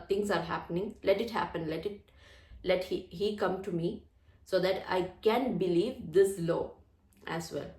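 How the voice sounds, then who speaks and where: A woman's voice: lowish voice, darkish tone. A woman hosting her own channel, talking in an earnest, chatty way and often repeating phrases. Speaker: channel host. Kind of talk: casual chat to camera. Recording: roomy echo.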